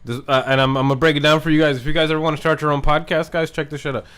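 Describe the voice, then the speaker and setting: A man hosting a podcast in a relaxed, slangy way, encouraging his guest and explaining things. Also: fairly high pitch, rapid-fire, clean tone. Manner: laid-back, encouraging, slangy. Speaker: podcast host. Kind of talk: casual chat.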